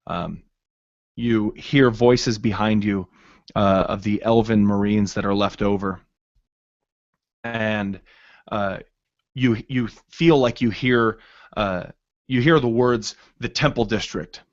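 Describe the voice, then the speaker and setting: A man narrating a tabletop game as game master, in a halting way with many fillers. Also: on the low side, dry recording, muffled recording.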